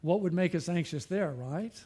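A man's voice: sits high, expressive, normal speed, dark tone, breathy edge. A male pastor preaching a sermon, earnest, asking questions and repeating phrases for emphasis.

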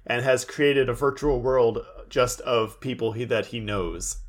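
A man with an everyday mid-range voice chats on a podcast. He stays laid-back and drops quick asides into the talk. His tone stays easy and conversational. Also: mid-range voice. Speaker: podcast co-host. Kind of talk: casual chat.

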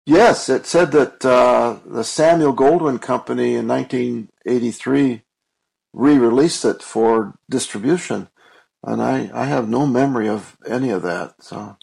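A man's voice: mid-range voice, measured pace, creaky, darkish tone, slightly rough, poor audio. A man co-hosting a podcast, talking thoughtfully and hesitantly about old films. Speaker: podcast co-host. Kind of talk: casual chat.

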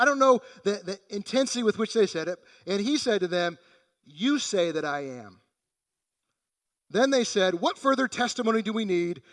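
A man's voice: high voice, fairly bright tone, long reverb tail. A man preaching a sermon in a conversational way, acting out the quoted voices in the passage. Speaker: pastor.

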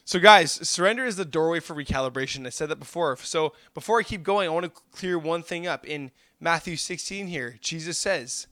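A man's voice: a little high, fairly quick, hardly any pauses, bright, forceful tone, no room sound, clean studio sound. A young adult man preaching a sermon, fervent and calling his listeners "guys".

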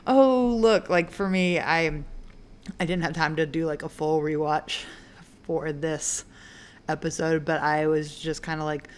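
A woman's voice: low voice, level tone, measured pace, clean tone. A woman co-hosting a podcast, chatting casually and musing aloud with many fillers. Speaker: podcast co-host. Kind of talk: casual chat.

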